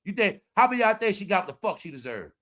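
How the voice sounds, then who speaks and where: Brief: male commentary streamer, high and bright, animated, lecturing his audience. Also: quick pace. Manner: animated, preachy, talks straight to viewers. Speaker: commentary livestream host. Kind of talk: casual live commentary.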